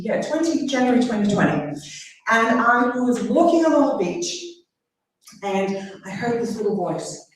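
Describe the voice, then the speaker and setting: Woman speaker in an echoing hall. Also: medium pitch. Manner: warm storytelling, engages the audience. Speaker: therapist giving a keynote. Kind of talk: motivational stage talk. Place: large conference hall. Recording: echoey hall, heard from a distance.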